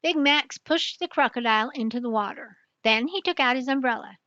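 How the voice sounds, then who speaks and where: Older woman, storybook reading, slow and bright; dull dry recording. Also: high voice, dry recording. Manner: slow, clear, even reading. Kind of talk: reading a picture book aloud.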